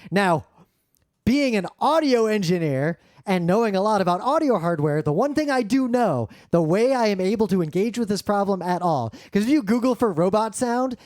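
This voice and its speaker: Recording remotely from his home studio on a professional studio microphone, this man co-hosts a casual tech podcast and explains audio problems bluntly, cursing occasionally. His voice is high and expressive, moving at a moderate pace, a bit mellow, with no room sound.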